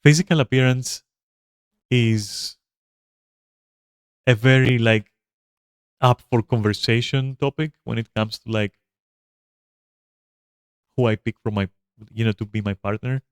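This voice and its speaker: A man streaming a game talks loosely over his play, rambling from thought to thought with plenty of fillers and swearing. His voice sits at a middling pitch and is recorded close and dry, with no room sound. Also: fairly even intonation, a little slow, long pauses, clear, resonant tone, no room sound. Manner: rambling, profane, with frequent fillers. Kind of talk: casual gameplay commentary.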